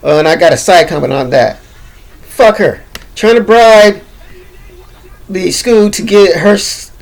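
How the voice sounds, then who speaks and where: A man's voice: high voice, rough recording. A man giving loose, profane, rambling commentary full of fillers and restarts. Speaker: commentator recapping an awards-show monologue.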